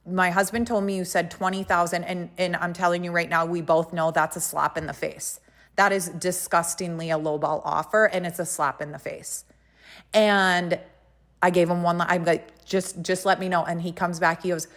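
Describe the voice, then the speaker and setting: A woman's voice: fairly low pitch, a little fast. A woman hosting a podcast, telling a story in a casual, emphatic, indignant way and talking straight to her listeners. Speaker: podcast host.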